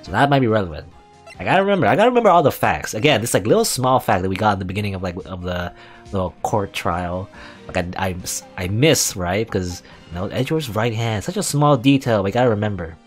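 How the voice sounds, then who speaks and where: A man commenting casually on a game as he plays, musing aloud with fillers and quick asides. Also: on the low side, lively intonation, faint music behind. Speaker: let's play gamer.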